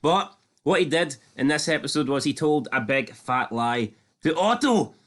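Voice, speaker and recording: A man's voice: mid-range voice, moderate pace, a bit bright. A man co-hosting a podcast, chatting casually and jokingly about a TV show and swearing freely. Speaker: podcast co-host. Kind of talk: casual TV recap chat.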